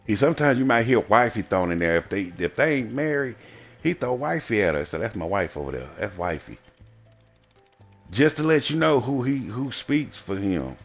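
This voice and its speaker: A man's voice: medium pitch, big pitch swings, brisk, soft background music. A man with a Southern American accent, livestreaming a blunt, rambling and profane casual monologue. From Southern United States.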